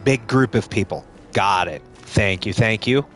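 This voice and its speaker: A man's voice: on the low side, unhurried, a bit bright, faint music behind. Joking male game streamer. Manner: casual, joking, swears, laughs often. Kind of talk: live game commentary.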